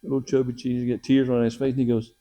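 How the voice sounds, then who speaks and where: A middle-aged man casually telling his testimony as a missionary, animated and acting out the quotes in his story. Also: rapid-fire, highs cut off. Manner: animated, acts out quotes with raised pitch.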